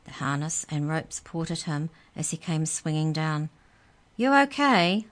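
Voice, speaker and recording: A woman reading a children's story aloud in a calm, measured way. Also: deep voice.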